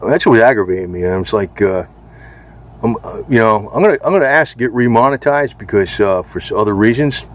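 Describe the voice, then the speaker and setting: A man's voice: lowish voice, expressive, a little fast. A man talking casually and bluntly in a rambling home video, now and then speaking to his cat. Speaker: vlogger.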